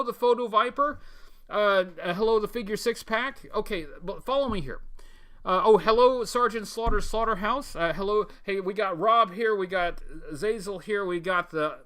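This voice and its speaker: A man's voice: sits high, fairly bright tone, clear, resonant tone. A man hosting a live toy-collector stream, greeting chat viewers by name and rambling with many fillers and restarts. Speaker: livestream host.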